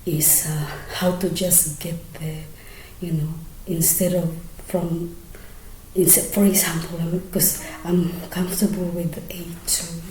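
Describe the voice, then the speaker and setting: A woman explaining her singing technique in a soft, often half-whispered, hesitant way with many fillers. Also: on the low side, little pitch movement, slow pace. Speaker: singing teacher. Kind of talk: casual singing tutorial. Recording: roomy echo.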